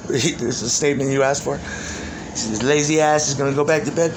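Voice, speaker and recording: A man plays an ancient demon in a loose, improvised monologue, his medium-pitched voice moving fairly quickly over background noise. Swearing is constant, laughter punctuates his phrases, and he repeatedly restarts and trails off.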